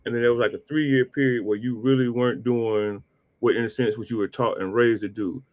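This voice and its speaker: A man's voice: medium pitch, fairly even intonation, fairly quick. Easygoing male podcast host. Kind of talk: interview questions.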